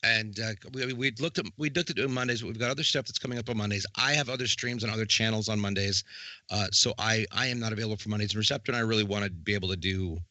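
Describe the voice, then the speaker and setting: A man's voice: fairly low pitch, very fast, sharp tone, no room sound. A man co-hosting a casual podcast, joking and rambling with restarts as he talks over plans for streams.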